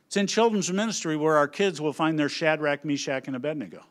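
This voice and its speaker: A middle-aged man speaking on a conference stage, telling family stories as an animated storyteller who acts out his family's lines. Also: fairly high pitch, brisk. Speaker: conference speaker on children's ministry. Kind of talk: humorous presentation to an audience.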